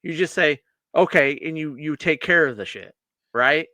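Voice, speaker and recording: A man's voice: a little high, moderate pace, pushed and bright, no echo. A man co-hosting a casual beer podcast, joking and acting out mock quotes. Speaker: podcast co-host.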